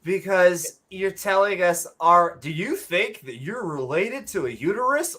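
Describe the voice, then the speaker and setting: A woman co-hosting a podcast, her voice bright and forceful. She rants bluntly with sarcastic jabs and the odd curse, in a loose, casual chat. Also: on the low side, expressive, measured pace, hardly any pauses, breathy edge. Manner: blunt, sarcastic, swears freely. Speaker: podcast co-host.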